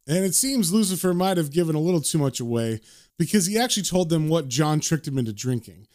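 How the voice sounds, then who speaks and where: A man's voice: on the high side, very animated, a little fast, darkish tone. A man casually retelling a comic book story, with conversational asides. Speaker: narrator.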